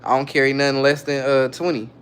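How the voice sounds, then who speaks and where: Over slight background noise, a man with a mid-range, fairly bright voice speaks quickly in a level tone. He's hosting a casual stream, reading viewers' comments aloud and responding in slang.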